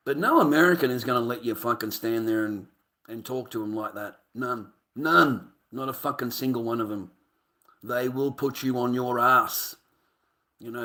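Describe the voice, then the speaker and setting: An Australian man ranting to camera, profane and heated, with loud outbursts. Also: mid-range voice. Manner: heated, swearing, loud bursts with laughs. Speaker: vlogger.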